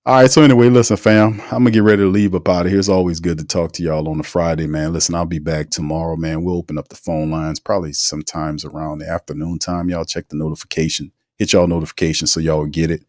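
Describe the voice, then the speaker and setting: A man's voice: low voice, little pitch movement, quick pace, few pauses, darkish tone, no room sound, clean studio sound. A man hosts a casual live sports talk show, rambling and opinionated and full of slang.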